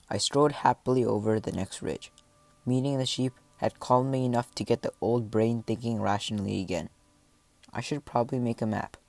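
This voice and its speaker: A man reading a first-person adventure story aloud, with dramatic delivery and voiced shouts and animal sounds. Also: mid-range voice, creaky, no room sound. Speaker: audiobook narrator.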